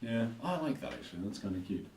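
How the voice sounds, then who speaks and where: A man's voice: fairly low pitch, wildly swooping pitch, quick pace, creaky, darkish tone, slight background noise. A man co-hosting a podcast, chatting casually and thinking aloud, often repeating himself. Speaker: podcast co-host. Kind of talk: casual chat. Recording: echoey room, distant mic.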